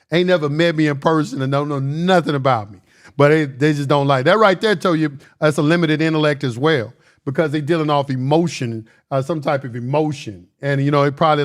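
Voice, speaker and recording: A man hosting a casual livestream, lecturing his chat in a combative, boastful, slangy way and repeating phrases for emphasis. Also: fairly high pitch. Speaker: livestream host answering chat.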